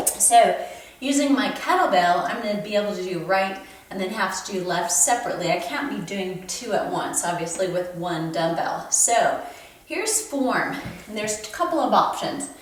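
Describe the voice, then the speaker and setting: A woman's voice: medium pitch, expressive, moderate pace. Echoey fitness coach woman, far off. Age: 50s. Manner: encouraging, counts reps while lifting. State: a little out of breath. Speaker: fitness instructor. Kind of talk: home workout demonstration. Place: home room. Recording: very echoey room, far from mic.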